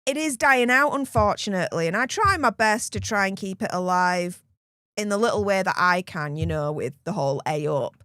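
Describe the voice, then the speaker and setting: A woman's voice: medium pitch, expressive, normal speed, a bit bright, dry recording, studio quality. A woman with a Yorkshire accent chatting casually to her viewers, blunt and laughing often. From Yorkshire, England. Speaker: YouTube commentary host. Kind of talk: casual chat to camera.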